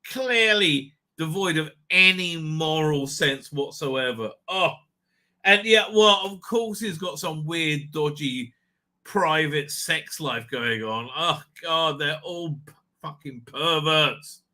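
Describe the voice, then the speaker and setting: A middle-aged man hosting a casual livestream, rambling excitably, swearing freely and laughing often. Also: fairly high pitch, takes it slowly. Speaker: livestream host. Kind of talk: casual live chat.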